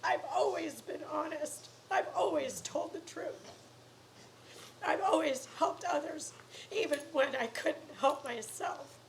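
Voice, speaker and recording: Woman, emotional on-camera appeal, earnest and pleading, near tears; fry in the voice, faint noise behind. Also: high-pitched, expressive, slow, low-quality recording. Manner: earnest, pleading, drops to soft whispery words. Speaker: YouTuber asking for donations. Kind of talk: emotional personal appeal to viewers.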